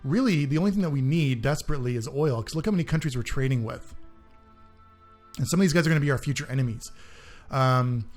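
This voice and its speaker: A man's voice: medium pitch, expressive, quick pace, faint music behind. A man hosting a gaming channel, giving casual let's-play commentary on a strategy game, thinking aloud and often trailing off mid-sentence.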